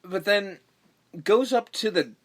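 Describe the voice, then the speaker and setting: A man's voice: high voice, slow pace. A man co-hosting a podcast, chatting casually about a film, swearing freely and acting out its lines. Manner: animated, profane, acts out movie lines. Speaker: podcast co-host. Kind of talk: casual movie-review chat.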